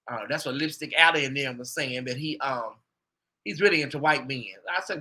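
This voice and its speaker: A man hosting his own show, chatting casually and gossiping with his viewers in an animated, talkative way. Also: fairly high pitch, normal speed. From United States. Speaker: host.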